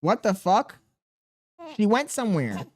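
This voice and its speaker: A man's voice: high-pitched, huge pitch swings, unhurried, darkish tone. A man streaming live, reading out chat messages and grumbling back at them. He rambles, swears freely and mutters to himself between lines. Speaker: livestreamer. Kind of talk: casual livestream chat, reading chat messages aloud.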